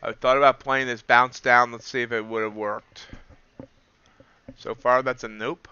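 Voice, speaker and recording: A man's voice: mid-range voice, flat delivery, unhurried, sharp tone, smooth, no echo, highs cut off. A man hosting a live trading stream, chatting casually and self-deprecatingly while calling out prices as they move. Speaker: livestream host and futures trader. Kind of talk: casual live market commentary.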